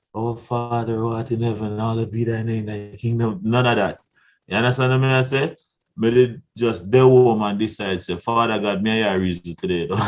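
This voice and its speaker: A young Jamaican man spins his stories in a relaxed interview, and his voice jumps between low murmurs and high, excited bursts. He laughs often and acts out the other people in his tale as he goes. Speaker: guest artist. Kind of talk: casual interview storytelling.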